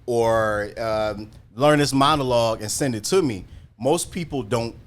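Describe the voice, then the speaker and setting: A relaxed man, here as a guest talent manager, explaining his work patiently on a live chat. His pitch sits in the middle range. A faint hiss of noise runs under his voice. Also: unhurried. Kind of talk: casual interview chat. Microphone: video call.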